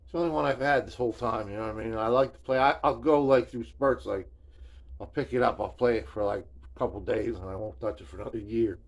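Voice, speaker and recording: A man hosts a casual video journal, rambling in a laid-back storytelling style packed with slang, swearing and constant "man" and "you know what I'm saying." His voice is on the low side and he talks fast.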